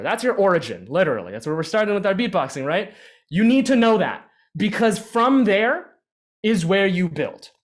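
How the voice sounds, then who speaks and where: A man leading a beatboxing workshop in a casual, energetic teaching style, full of fillers and restarts, speaking into his own microphone. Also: high-pitched. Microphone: own microphone with adjustable gain.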